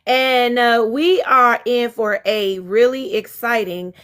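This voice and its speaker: Chatty high-voiced woman hosting a live stream. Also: takes it slowly, a bit bright, smooth. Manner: chatty, frank, laughs easily, exasperated asides. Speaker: relationship intimacy coach. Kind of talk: casual live-stream talk.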